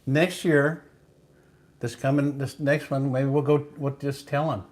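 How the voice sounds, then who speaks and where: A man's voice: medium pitch, flat delivery, measured pace, a little mellow. A man hosting a livestream, talking in an easygoing, rambling way. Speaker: livestream host. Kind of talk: casual chat.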